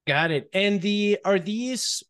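Host guy, voice on the higher side, lots of uhs, reads out the guest bio then asks questions. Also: expressive, takes it slowly, fairly bright tone, clean tone. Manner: filler-heavy, friendly, reads a guest bio aloud. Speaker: show host, interviewer. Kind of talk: interview hosting.

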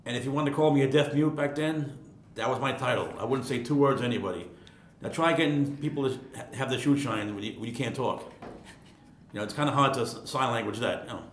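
A man around sixty from Queens, telling stories casually as an interview guest, rambling and repeating words. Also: fast. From Queens, New York. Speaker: guest, retired ironworker. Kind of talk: casual storytelling. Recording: echoey room, faint rumble.

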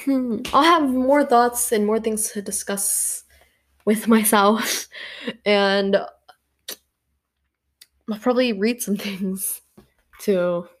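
A woman talks alone on her podcast in a loose, rambling way. She pokes fun at herself as she goes. Her pitch sits in an ordinary middle range. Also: takes it slowly, pauses often. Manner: rambling, self-deprecating and chatty. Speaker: podcast host. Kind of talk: solo casual podcast chat.

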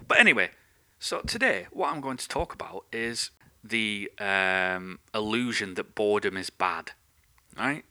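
A man, hosting a podcast in a sweary, rambling, animated ranting monologue. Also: on the low side, measured pace. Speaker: podcast host.

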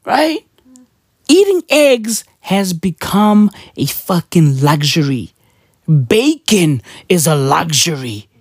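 South african lady ranting on her vlog, swears a lot, super animated, dry room. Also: mid-range voice, no echo. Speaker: vlogger. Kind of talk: profane casual rant.

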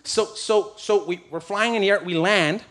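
Animated, self-mocking man preaching a story. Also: sits high, normal speed. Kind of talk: comic storytelling sermon.

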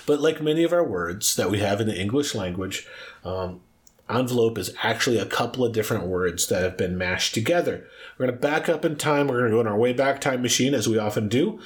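A middle-aged man in relaxed podcast chat, teasing his co-host with a multiple-choice quiz. His voice sits in an ordinary middle pitch, and he talks in an easy, jokey way. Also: brisk. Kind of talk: casual chat.

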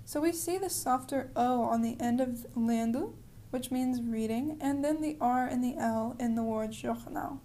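A woman with a high, mellow voice leads a podcast pronunciation lesson. She explains in a friendly way and slows down to model each word. A faint noise sits under the recording. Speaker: language teacher.

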